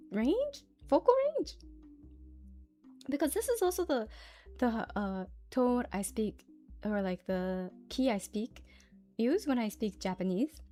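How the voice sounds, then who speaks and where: A woman's voice: fairly high pitch, warm tone. A woman streamer chatting casually with her viewers, giggly and full of fillers.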